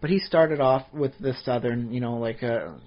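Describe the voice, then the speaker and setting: Husky-voiced man in casual podcast chat. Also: mid-range voice, normal speed, dull audio. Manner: rambling, many fillers and restarts. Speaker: podcast co-host.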